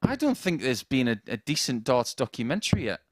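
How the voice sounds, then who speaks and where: A man's voice: medium pitch, sing-song, fairly quick, no room sound, studio quality. A man commentating on darts, chatty and joking with his co-commentator. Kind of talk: live sports commentary with banter.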